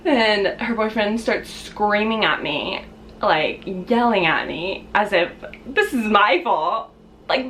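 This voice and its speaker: A young woman vlogger telling a casual storytime, chatty with lots of fillers, acting out quotes in shrill high voices. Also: lively intonation, a little slow, fairly bright tone.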